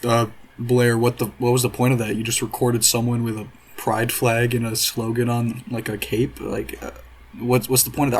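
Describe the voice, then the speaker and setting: A man's voice: mid-range voice, little pitch movement, moderate pace, a little hiss or hum. A man doing reaction commentary in a profane, sarcastic, exasperated rant. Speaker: commentary YouTuber.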